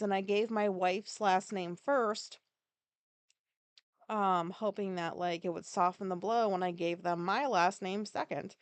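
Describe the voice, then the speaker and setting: A woman's voice: fairly high pitch, no room sound. A woman hosting a podcast, telling a story in a casual, rambling way, swearing freely and correcting herself as she goes. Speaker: podcast host.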